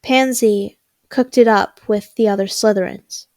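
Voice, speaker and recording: A woman's voice: medium pitch, fairly even intonation, unhurried, darkish tone, no room sound, natural voice. A woman voicing a proud but defeated teenage boy in a read-aloud story, with a tired, subdued delivery. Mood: weary.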